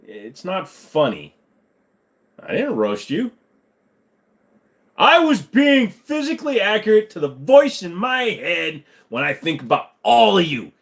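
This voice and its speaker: A man's voice: on the high side, big pitch swings, unhurried, pauses often. A man hosting a casual live-stream Q&A, joking around and swearing freely while he answers chat. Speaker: livestream host.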